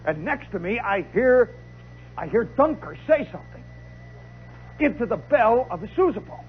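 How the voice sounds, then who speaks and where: High-voiced man spinning a comic yarn. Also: normal speed, breathy edge. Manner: animated, dramatic, chatty asides to the listener. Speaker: radio storyteller. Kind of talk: live comic storytelling monologue. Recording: lo-fi 1960s radio recording with faint hiss.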